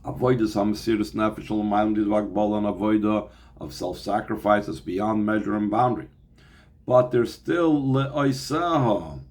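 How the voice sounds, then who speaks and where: Low-voiced man teaching a Torah class. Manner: reads Hebrew text aloud, then translates and explains it; explanatory, with pauses and restarts.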